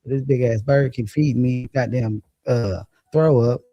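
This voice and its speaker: A man's voice: medium pitch, measured pace, dark tone, no room sound, muffled recording. A man hosting a casual livestream, chatting loosely and profanely and laughing as he reads viewer comments. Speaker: livestream host. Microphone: phone or computer mic.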